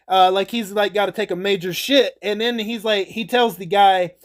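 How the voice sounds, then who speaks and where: A man with a notably high voice talks through movie scenes in a loose, rambling recap. He is casual and a little crude, tossing in swear words and chuckles as he goes. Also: steady tone, normal speed, few pauses. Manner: rambling, chatty retelling with frequent laughs and swearing. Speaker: YouTuber reviewing movies.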